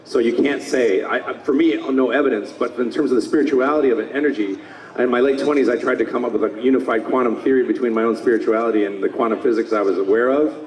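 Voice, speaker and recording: A man in his fifties, a voice actor talking at a convention panel, enthusiastic and slipping into quick character voices. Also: medium pitch, steady tone, darkish tone, recorded from a distance. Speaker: voice actor guest. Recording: roomy hall, mic from afar.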